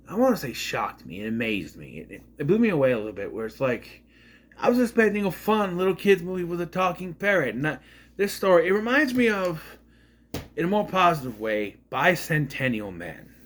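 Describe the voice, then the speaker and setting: A man in his thirties talks through a movie in a loose, rambling way. His pitch climbs and dips a lot as he goes. He keeps jumping in to act out lines from the scenes he retells. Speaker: movie reviewer. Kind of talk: casual spoken movie review.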